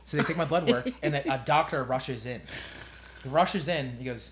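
This young man talks like he's recounting a wild night to friends. His delivery is animated, with quoted voices and curse words scattered through. His pitch sits in an ordinary middle register. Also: moderate pace, noisy background. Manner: animated storyteller, acts out quotes, swears freely. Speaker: podcast co-host. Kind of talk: casual storytelling chat.

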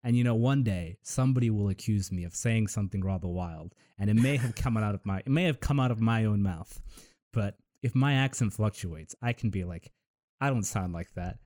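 A young man with a lowish voice hosts a podcast among friends. He talks in a laid-back, joking way, often breaking into laughter. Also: brisk, mellow. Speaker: podcast host. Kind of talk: casual chat.

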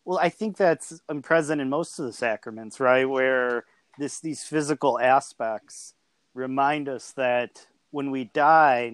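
A man's voice: medium pitch, no echo. A man in a discussion, speaking thoughtfully and checking in with his listeners. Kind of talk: casual discussion.

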